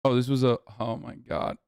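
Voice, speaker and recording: A man's voice: medium pitch, measured pace, vocal fry, darkish tone, no room sound, clean studio sound. A man in his thirties streaming live, reacting with casual, profane commentary full of filler words.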